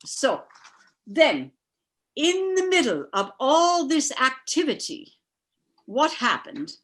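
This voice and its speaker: A woman with an Irish accent telling a folksy story to a live audience over a video call, lively and playful. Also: sits high, takes it slowly.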